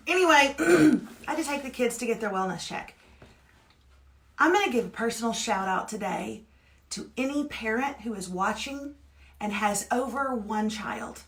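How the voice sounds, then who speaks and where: Bright, lively woman host. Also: fairly high pitch. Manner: animated, playful, quick asides. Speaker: co-host of a morning live show. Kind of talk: casual live chat.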